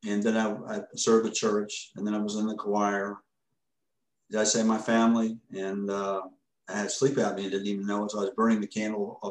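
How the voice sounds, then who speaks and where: Low voiced guy telling his story on a podcast, earnest, stops and restarts a lot, echoey room. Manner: earnest, halting, often restarts mid-sentence. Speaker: podcast guest, ministry founder. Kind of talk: casual spoken storytelling.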